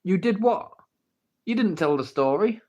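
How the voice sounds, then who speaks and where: A man's voice: high-pitched, animated, moderate pace, mellow, muffled recording. An English man hosting a casual livestream, reading the chat and playfully pestering viewers for the story. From England. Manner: playful, teasing, pleading for the story. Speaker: livestream host. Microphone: phone.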